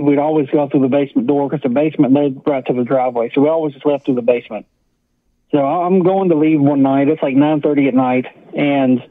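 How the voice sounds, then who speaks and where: A man's voice: fairly high pitch, no room sound. A man, a guest on an interview podcast, telling a ghost story in a rambling, casual way, full of "I was like". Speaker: paranormal investigator guest. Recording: tinny phone-like line.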